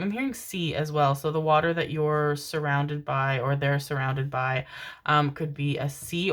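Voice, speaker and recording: Low-voiced gushing woman tarot reader. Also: a bit bright. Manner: gushing and affectionate, swears freely, calls viewers darlings. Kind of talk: casual tarot reading to camera.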